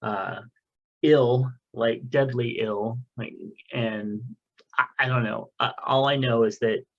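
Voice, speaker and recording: A man's voice: mid-range voice, steady tone, slow pace, gravelly, dull audio. A man co-hosting a podcast in casual chat, blunt in his opinions and swearing freely. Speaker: podcast co-host.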